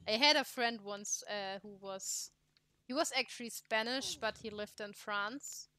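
A woman's voice: medium pitch, measured pace, sharp tone. A woman with a German accent chatting casually while playing a game, swearing freely and poking fun at herself. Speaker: let's play streamer. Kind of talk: casual gameplay chat.

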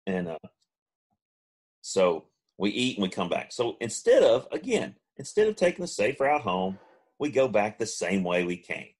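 A man, co-hosting a podcast and telling a long funny story, now and then mimicking friends in high voices. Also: sing-song, normal speed, a little mellow, breathy edge. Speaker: podcast co-host. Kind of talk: casual storytelling.

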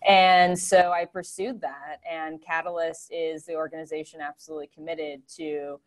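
A woman answering questions as a webinar guest in a relaxed, conversational way with wry asides. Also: deep voice, moderate pace.

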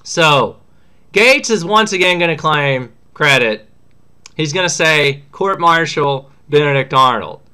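A man's voice: fairly high pitch, expressive, a little slow, pushed and bright, clear, resonant tone. A man teaching a history lesson in a casual, slangy way, acting out what historical figures say. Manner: chatty, slangy, acts out quotes.

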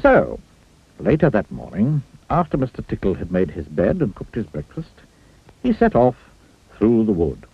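A man's voice: fairly low pitch, wildly swooping pitch, moderate pace. A man reading a children's storybook aloud, playfully asking the listener questions. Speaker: storybook reader. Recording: tinny phone-like sound, faint music.

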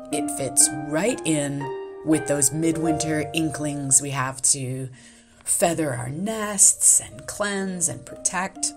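A woman art vlogger chatting softly and warmly, gushing and often laughing. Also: a bass voice. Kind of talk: casual vlog chat and voice-over narration.

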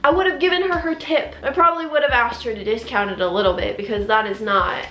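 A young woman, telling a story to the camera in an upset, rapid rant while doing her makeup. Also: a little high, a bit bright, roomy sound. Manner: upset, rapid recounting with quoted dialogue. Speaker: vlogger. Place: indoors at home, doing makeup.

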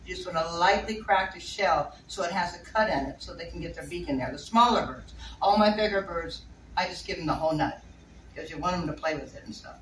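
A woman's voice: fairly low pitch, fairly quick, a bit bright. Chatty woman, laughs a lot, distant mic, roomy echo, faint hiss. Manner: chatty, laughs often, rambling asides. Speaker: bird keeper giving a talk. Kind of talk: casual talk to a small audience. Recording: echoey room, distant mic, faint noise.

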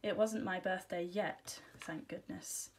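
A woman teacher reading a children's storybook aloud, giving gentle, expressive first-person narration. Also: fairly low pitch, takes it slowly, breathy edge.

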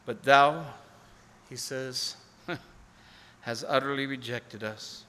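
Pastor guy preaching slow and earnest, kinda high voice, big echoey church hall. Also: fairly even intonation, slight background noise. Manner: earnest preaching that swells to pleading and drops to near-hushed tones. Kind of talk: sermon. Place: church sanctuary. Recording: long hall reverb.

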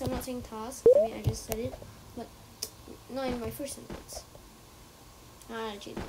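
A woman's voice: on the high side, flat delivery, measured pace, pauses often. A woman commenting casually on her own gameplay, talking to herself, swearing often and dropping into muttered whispers between outbursts. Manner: talks to herself, swears a lot, shrieks when startled, drops to muttered whispers. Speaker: gamer playing on stream. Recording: loud background noise.

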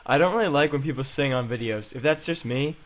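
Young man, gaming vlog host, casual rambling commentary, rapid delivery, average pitch. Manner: rambling, chatty, frequent "um" and "guys".

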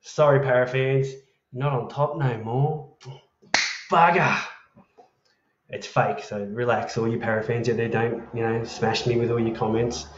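A man's voice: medium pitch, fairly even intonation, measured pace, background noise. Chatty Australian man, echoey lo-fi sound. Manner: chatty, matey, swears freely. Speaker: livestream host. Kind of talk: casual live chat reading viewer comments.

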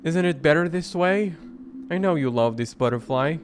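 Guy reading creepy calm doll shop owner from a horror game, soft and quiet, lots of up and down in his voice. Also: a little high, moderate pace, faint music behind, voice pushed up, close to an everyday voice. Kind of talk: reading game dialogue aloud.

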